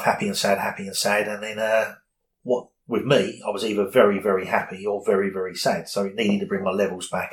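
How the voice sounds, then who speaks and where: Candid middle-aged man, lowish voice. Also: a little hiss or hum, poor audio. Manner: candid, rambling, with many fillers. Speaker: interviewee. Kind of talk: personal storytelling in an interview.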